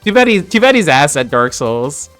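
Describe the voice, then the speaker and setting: A woman's voice: low voice, very animated, moderate pace, faint music behind. A woman from New Jersey with a New Jersey accent, a little tipsy, chatting casually on a livestream, laughing often and swearing freely.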